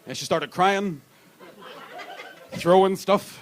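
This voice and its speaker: Brash, high-voiced male stand-up comedian. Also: a little slow, long pauses. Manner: brash, crude storytelling. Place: comedy club stage. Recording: live club with audience noise.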